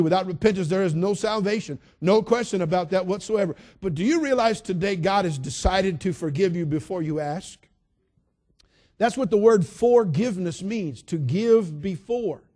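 A male pastor delivering an emphatic, repetitive sermon, dropping soft and then building loud. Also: high-pitched.

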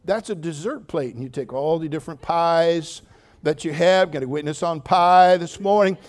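An older man preaching a sermon as pastor, telling funny stories with sudden loud outbursts, then speaking more quietly and earnestly. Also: fairly high pitch, moderate pace. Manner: humorous, animated storytelling with sudden loud outbursts. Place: church.

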